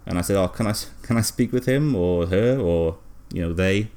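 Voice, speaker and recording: A man, co-hosting a comedy podcast, telling an absurd story deadpan with lots of fillers and hesitation. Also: deep voice, moderate pace, smooth. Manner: rambling, hesitant, many fillers. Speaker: podcast co-host.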